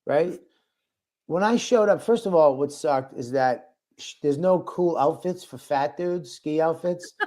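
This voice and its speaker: A man's voice: fairly high pitch, measured pace, warm tone. A male comedian telling a self-mocking story in casual, rambling talk with crude language. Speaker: comedian guest.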